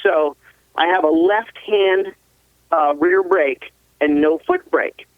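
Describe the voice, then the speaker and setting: A man's voice: on the high side, slow pace, no echo. A man, an ATV racer from the US West Coast, telling stories as a guest in a casual interview, laughing often. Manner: laughs often, rambling, animated. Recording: tinny phone line.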